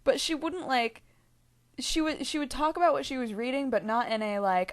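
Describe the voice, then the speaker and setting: A woman's voice: fairly high pitch, moderate pace. A young woman telling a rambling story to her vlog viewers, full of fillers, asides and giggles. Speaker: vlogger.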